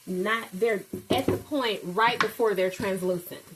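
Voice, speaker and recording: A woman's voice: medium pitch, measured pace. A middle-aged woman chatting casually to viewers in her home kitchen while she cooks, calling them "y'all" and exclaiming over the food. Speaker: home cook vlogger. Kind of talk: casual cooking vlog chat. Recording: kitchen sizzle and frying noise behind.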